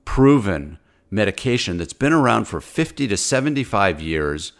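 A man's voice: on the low side, sing-song, normal speed. A man, a physician, delivering an angry, insistent rant as a talk-show guest, often repeating words as he presses his point.

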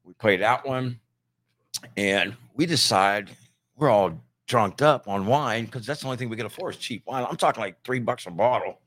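A man's voice: medium pitch, normal speed, fairly bright tone. A middle-aged man from Ohio telling a band road story in casual chat, easygoing and quoting people in dialogue. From Ohio, near Youngstown.

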